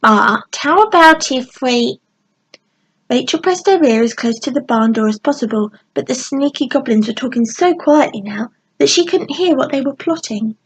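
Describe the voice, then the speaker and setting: A woman narrating a children's storybook in a gentle, expressive bedtime reading. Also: sits high, fairly quick, hardly any pauses, breathy edge, low-quality recording. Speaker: audiobook narrator.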